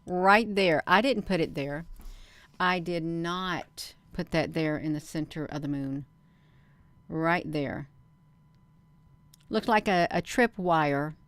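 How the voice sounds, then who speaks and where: Taking it slowly with long pauses, a low-voiced woman talks her viewers through camera footage in loose, casual live commentary for her channel. She's animated, keeps calling them "you all," and insists in emphatic bursts that they look where she points.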